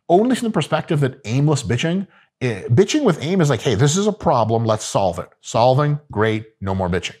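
Husky, lively-voiced man swearing freely. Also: mid-range voice. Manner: profane, joking, animated. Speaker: fitness coach. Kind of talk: casual coaching talk.

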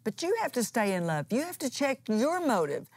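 A woman's voice: fairly high pitch, big pitch swings, a little fast, darkish tone, slightly rough, dry recording. A woman pastor and co-host giving a conversational Bible teaching in an earnest, plain-spoken way, restarting phrases as she explains.

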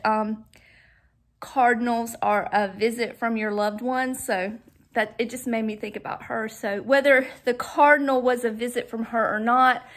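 A woman's voice: on the high side, a bit bright. Chatty woman vlogging at home. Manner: chatty and sentimental, trails off and restarts. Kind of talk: casual vlog chat. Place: at home, indoors and out in the yard.

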